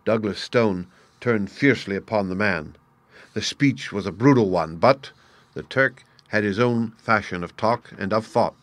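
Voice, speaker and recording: A man narrating a classic story aloud in a steady, clear storytelling manner. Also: fairly low pitch, no echo.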